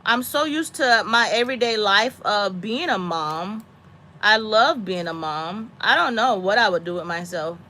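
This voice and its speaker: A woman in her thirties or forties, a mother talking casually with a friend, animated and dramatic, breaking into high squeaky voices when she quotes herself. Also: a little slow. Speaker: homesteading mom chatting with a friend. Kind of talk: casual chat.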